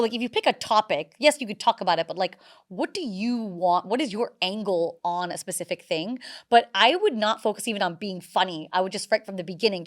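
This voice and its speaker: A woman in her thirties, a comedian guest on a podcast, telling stories in a lively way with many fillers. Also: mid-range voice. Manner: animated storyteller, many "like" fillers. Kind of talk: casual podcast interview.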